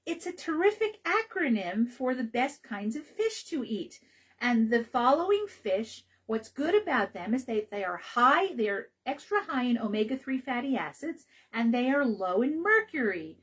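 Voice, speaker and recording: A woman's voice: a little high, sing-song, unhurried, fairly bright tone, husky, low-quality recording. A woman hosting a health radio show, talking casually about naturopathic care in a chatty, rambling way with many fillers and restarts.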